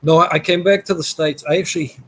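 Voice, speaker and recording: A man's voice: on the high side, steady tone, fast, a bit bright, low-quality recording. Laid-back man from New Zealand. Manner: rambling, laughs while telling stories. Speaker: guest. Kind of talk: casual storytelling interview.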